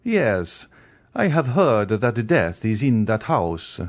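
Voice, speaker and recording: A man's voice: fairly low pitch, very animated, slow, dry recording, clean studio sound, full character voice. A man voicing a solemn older Italian priest with an Italian accent, grave and courteous.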